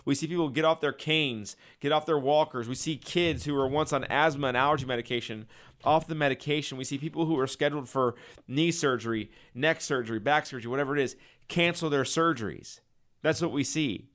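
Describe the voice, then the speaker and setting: Passionate male radio host, smooth voice. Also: brisk, a bit bright. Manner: enthusiastic, passionate sales pitch. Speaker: radio show host and chiropractor. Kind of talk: radio talk with patient story and clinic ad.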